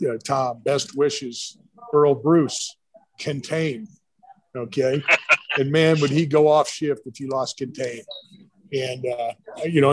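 A husky, slightly rough and a little mellow mid-range voice belongs to a middle-aged man, a retired college football coach and staffer, chatting in a casual interview at a brewery. He rambles through coaching stories at an easy pace, quoting old bosses and his wife, on a low-quality recording.

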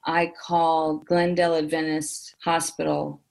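A woman's voice: sits low, level tone, a little slow, vocal fry, darkish tone. A woman in her fifties, an interview guest telling her own story candidly and emphatically, with many fillers and repeated phrases. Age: 50s.

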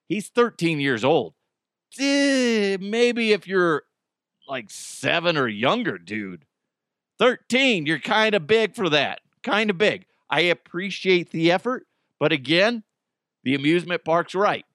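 Animated, swearing male podcast host. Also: a little high, unhurried, no room sound, clean studio sound. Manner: animated, profane, rambling. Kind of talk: casual solo podcast chat.

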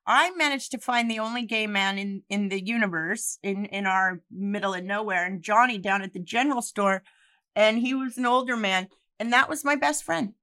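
A woman's voice: mid-range voice, moderate pace, sharp tone. A woman chatting casually, candid and rambling, with swearing and restarts. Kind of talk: casual chat.

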